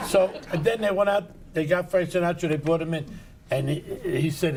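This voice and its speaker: A man's voice: high voice, expressive, moderate pace, slight background noise. An older man, casually telling a long anecdote as a show's co-host, laughing now and then. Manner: gravelly, laughs while telling stories. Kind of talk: casual storytelling.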